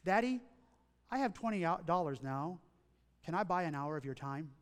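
A man reading the lines of an earnest five-year-old boy who softly pleads with his father. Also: fairly high pitch, animated, normal speed, clean tone, big-room sound, voice pushed down, lightly acted. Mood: quiet.

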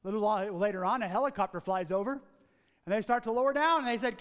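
A man's voice: high voice, fast, clear, resonant tone, in a large hall. A man preaching a sermon, telling a story and driving points home by repeating key phrases. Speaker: pastor.

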